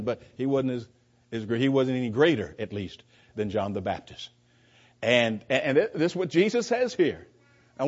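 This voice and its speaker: Man, bible class teacher, emphatic, repeats himself, slightly high voice, husky. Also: darkish tone. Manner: emphatic, repeats words, rhetorical questions to the class. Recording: dull lo-fi recording.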